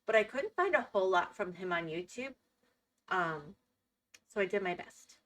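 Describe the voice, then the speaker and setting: Bright-voiced chatty woman streamer. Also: medium pitch, expressive, moderate pace. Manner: chatty, playful, laughs often. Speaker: streamer reacting to videos. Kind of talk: casual live-stream chat.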